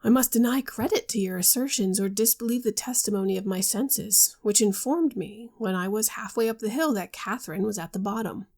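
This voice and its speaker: A woman reading the part of a grave young husband troubled by a mysterious voice, in a measured, earnest way and in her own voice. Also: mid-range voice, darkish tone, close to an everyday voice.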